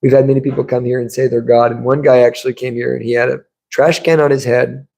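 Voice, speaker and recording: A man speaks to a temple congregation in a relaxed, storytelling manner. His voice is gravelly and dark, with a mellow tone. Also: mid-range voice, quick pace, rough recording. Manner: conversational storytelling, acts out quotes. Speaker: temple speaker giving a scripture class. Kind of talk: sermon. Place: temple room.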